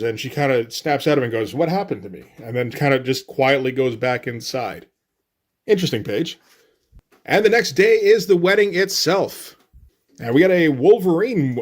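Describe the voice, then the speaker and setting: A man reviewing a comic book in casual solo commentary, relaxed and loose, swearing offhandedly. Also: medium pitch.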